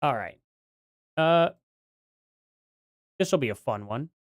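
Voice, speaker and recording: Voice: mid-range voice, expressive, slow, dry recording, clean studio sound. A streamer giving live commentary on a debate, rambling and jokey, then getting heated in rants.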